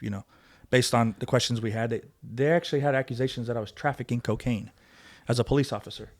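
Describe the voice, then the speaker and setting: A man guest on a podcast telling a story in casual chat, animated and profane, acting out both sides of arguments. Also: mid-range voice, fast.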